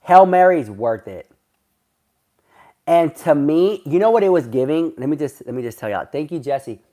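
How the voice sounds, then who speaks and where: A man's voice: a little high, expressive, normal speed, dark tone. A man chatting casually on a livestream, rambling in a gossipy way and answering viewers' comments. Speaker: livestreamer reading chat.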